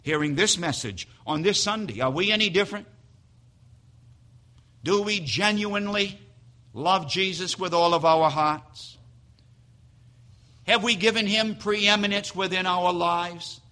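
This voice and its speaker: A male pastor preaching a dramatic sermon in a church sanctuary, swinging from hushed to loud as he tells a story. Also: sits high, unhurried, pauses often.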